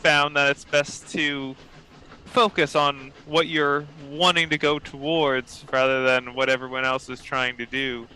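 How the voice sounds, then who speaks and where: A man's voice: medium pitch, level tone, pushed and bright, a little hiss or hum, low-quality recording. Dr. Lucy, a man playing a formal woman professor. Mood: composed. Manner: measured, precise, faintly haughty. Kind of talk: tabletop role-play in character.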